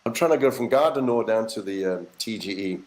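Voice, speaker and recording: A middle-aged man, a voice actor, telling animated stories in a casual interview, acting out quotes and swearing now and then. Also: on the low side, brisk, low-quality recording. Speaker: voice actor guest.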